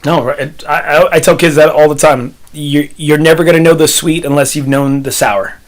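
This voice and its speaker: A middle-aged man from South Texas chats on a podcast in a casual, animated way. He tells stories at length and keeps repeating "I said" as he goes. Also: on the high side, normal speed. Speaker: podcast host.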